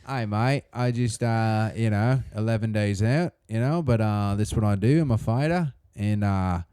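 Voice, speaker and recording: A man putting on a beaten fighter, halting and full of fillers. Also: fairly low pitch, dark tone, clean tone, no room sound, close to an everyday voice. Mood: subdued. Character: beaten Australian male fighter, humble, rambling.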